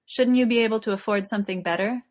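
A woman's voice: mid-range voice, fast talker, pitched above the performer's own voice, lightly acted. Woman doing a cocky, teasing young man. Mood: mocking. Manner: teasing, boastful.

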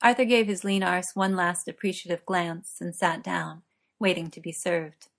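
A woman narrates a story in a steady, measured way. Her voice sits low and even as she reads. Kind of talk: story reading.

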